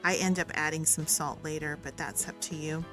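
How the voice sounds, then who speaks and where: A woman's voice: low voice, steady tone, normal speed, sharp tone. A woman, hosting a recipe tutorial in a friendly, upbeat instructional manner. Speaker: cooking channel host. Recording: faint music behind.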